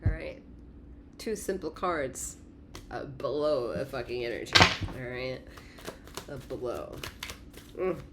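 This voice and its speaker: A woman giving a casual tarot reading in a profane, animated way, laughing often. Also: a bass voice, takes it slowly, long pauses, heavy background noise. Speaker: tarot reader.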